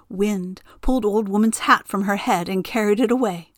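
A woman narrating a storybook tale in a gentle, expressive way. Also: medium pitch, moderate pace, hardly any pauses, dry recording, studio quality.

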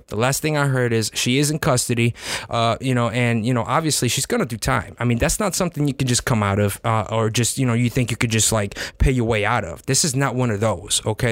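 A man's voice: mid-range voice, no room sound. Guy doing a solo podcast, slangy and rambly, keeps saying man, dead dry sound. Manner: slangy, rambling, peppers lines with "man" and "you know what I'm saying"; frequent restarts and laughs. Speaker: podcast host. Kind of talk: casual solo podcast monologue.

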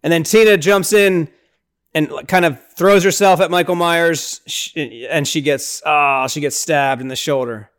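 A young man chats through a horror movie scene by scene, excitable and full of fillers, now and then jumping into a higher voice to act out a line. His voice sits a little high and sounds smooth and clear. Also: measured pace. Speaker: podcast host recapping a film. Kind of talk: casual movie recap chat.

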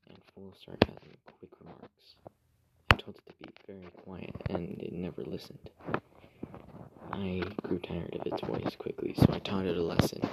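A man reading a first-person horror story in a slow, hushed way that often drops to a whisper. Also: low-pitched, creaky, heavy background noise. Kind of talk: scripted horror narration.

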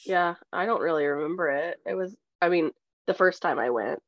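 A woman co-hosting a casual podcast chat, teasing and quick to laugh. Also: on the low side, no echo, highs cut off. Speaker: podcast co-host.

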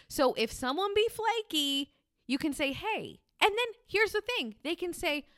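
A woman's voice: very high voice, animated, moderate pace, a bit bright, dry recording, studio quality. A young woman hosting a podcast, giving casual, candid advice and swearing freely. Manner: candid, swears casually, acts out sample dialogue. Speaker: podcast host.

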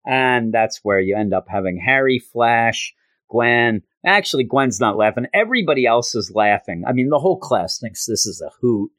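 A man hosting a podcast, casually recapping a comic with an animated delivery and quick high-pitched character voices. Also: no echo. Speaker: podcast host.

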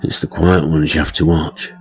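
A man's voice: very deep voice, flat delivery, moderate pace. A man voicing a crude, smug middle-aged village gossip in a pub, with a coarse, knowing manner. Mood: gossipy.

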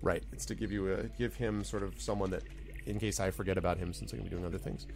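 Male game master, low gravelly voice, relaxed and halting narration. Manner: laid-back, hesitant, many fillers, laughs often.

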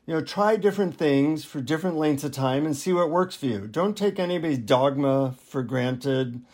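Relaxed, self-deprecating male author. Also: fairly high pitch, normal speed. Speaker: author and guest. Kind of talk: interview storytelling.

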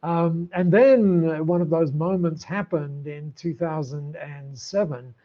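An older man, a podcast guest, telling stories in an animated way with many restarts and laughs. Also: a little high, a little slow, muffled recording. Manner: animated, warm storyteller with frequent restarts and laughs. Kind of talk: storytelling in an interview.

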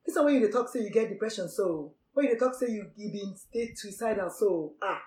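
A woman's voice: medium pitch, lively intonation, a little fast, mellow, echoey room, close to an everyday voice, low-quality recording. A woman voicing a fussy man with a Nigerian Pidgin accent who hurries out a warning. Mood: fussing.

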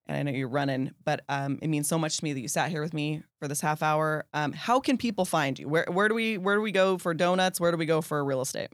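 A man's voice: fairly high pitch, fast, few pauses, fairly bright tone, no echo, studio quality. A man hosting a podcast interview, effusive and grateful, often repeating words as he talks. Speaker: podcast host. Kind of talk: casual interview chat.

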